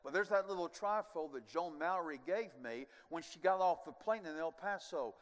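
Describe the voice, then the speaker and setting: An older male preacher tells his story from the pulpit, his voice sitting a little high. He drops to a near hush, then surges loud with chuckling asides. His words ring out with the long reverb of a big sanctuary. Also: expressive, normal speed. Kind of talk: sermon testimony storytelling. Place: large church sanctuary.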